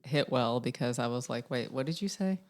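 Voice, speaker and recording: A woman with a low voice co-hosts a casual podcast. She teases her co-host playfully and laughs easily as they chat. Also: lively intonation, moderate pace, a little mellow. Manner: playful, teasing, laughs often.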